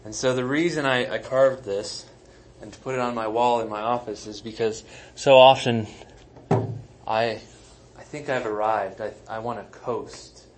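A man's voice: mid-range voice, fairly even intonation, unhurried, slight background noise, low-quality recording. A man, a pastor, preaching a sermon in a conversational, emphatic way with self-deprecating asides. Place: church sanctuary.

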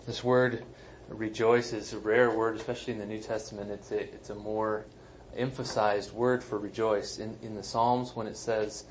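A man's voice: lowish voice, little pitch movement, moderate pace, hardly any pauses, a little hiss or hum, poor audio. A man, a pastor, preaching a sermon in a conversational, emphatic way with self-deprecating asides. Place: church sanctuary.

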